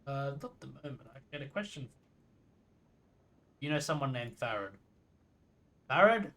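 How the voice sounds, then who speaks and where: A man's voice: mid-range voice, normal speed, gravelly, fairly bright tone, slight background noise. A man giving casual let's play commentary, reading game text aloud and adding muttered asides. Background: game music.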